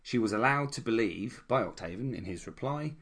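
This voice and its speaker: A man's voice: mid-range voice, animated, brisk, a bit bright, slightly rough. A man co-hosting a casual history chat, retelling events with irreverent, jokey asides. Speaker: podcast co-host.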